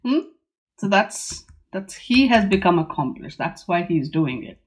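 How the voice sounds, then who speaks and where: A woman's voice: on the low side, very animated, slightly rough. A woman hosting a tarot channel, talking casually and musingly as she goes through the cards, now and then acting out the figures on them. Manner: musing, chatty, acts out the figures on the cards in quick asides. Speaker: tarot teacher and channel host.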